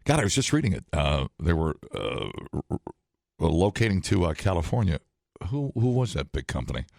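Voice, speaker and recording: A man's voice: low-pitched, very animated, fairly quick, gravelly, darkish tone, no room sound, studio quality. Jokey rambling radio co-host man. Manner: jokey, rambling, laughs often. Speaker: radio morning show co-host. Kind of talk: casual banter.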